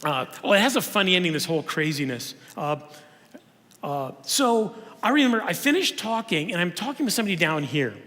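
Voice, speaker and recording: A man giving a humorous conference lecture in a church auditorium, telling stories in an animated way with frequent restarts. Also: high voice, brisk. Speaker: conference speaker. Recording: long reverb of a church hall.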